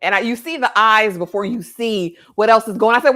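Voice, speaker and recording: A woman co-hosting a casual livestream show review, animated and slangy, often acting out the scenes she describes. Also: on the high side, a little fast, few pauses. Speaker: co-host.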